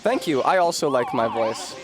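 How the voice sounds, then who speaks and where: A man's voice: mid-range voice, expressive, normal speed, over loud music. A man with a Rhode Island accent, chatting casually and wordily while streaming a game. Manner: articulate, wordy, self-mocking. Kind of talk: casual gaming livestream chat.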